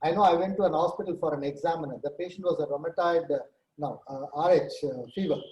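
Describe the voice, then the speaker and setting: A man speaks as a guest on a nursing talk show. He tells case stories and acts out the quoted lines. His voice is mellow and a little high, and the room around him echoes. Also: fast, lo-fi sound. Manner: animated storyteller, acts out quoted dialogue. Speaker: guest speaker, senior nurse leader. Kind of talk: conversational talk-show answers with examples.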